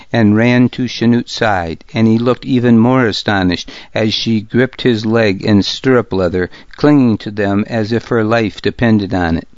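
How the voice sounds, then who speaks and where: A man reads first-person narration slowly in a low voice, with a dry, wry edge. The audio is dull and dry. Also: dry recording.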